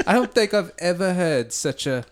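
A man's voice: sits high, expressive, normal speed, pitched above the performer's own voice. A man voicing a small, fussy male pet dog who rambles in mock British phrases. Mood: alarmed.

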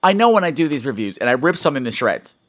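A man's voice: mid-range voice, sing-song, fast, a bit bright. A man giving a sarcastic, rambling comedic recap of a bad movie, acting out the characters' voices as he goes. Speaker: movie reviewer.

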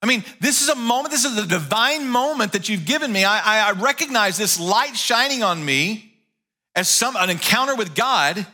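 A man voicing an indignant, zealous persecutor who protests and justifies himself, with a lively, bright voice. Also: high voice, moderate pace, heavily acted. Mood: urgent.

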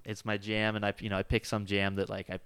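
A man's voice: fairly low pitch, monotone, quick pace, a bit bright, clean tone, dry recording. A jiu-jitsu coach chatting casually in an interview, rambling and filling his sentences with "like" and "you know.". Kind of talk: casual chat.

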